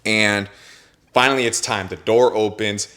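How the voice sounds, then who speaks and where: A young adult man hosting a podcast, telling a story in casual chat with an animated, slangy manner full of bro and dude. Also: on the low side, a little slow. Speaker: podcast host.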